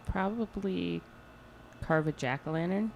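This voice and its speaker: Playful woman trading quick quips. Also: lowish voice, creaky, a little mellow, a little hiss or hum. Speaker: podcast co-host. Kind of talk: casual chat.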